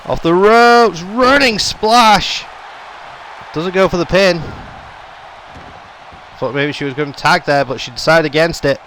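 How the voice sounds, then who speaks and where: Excitable man doing game play-by-play. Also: a little high, unhurried, pauses often, a little hiss or hum. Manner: running commentary, rising to excited shouts on big moves. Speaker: gaming YouTuber.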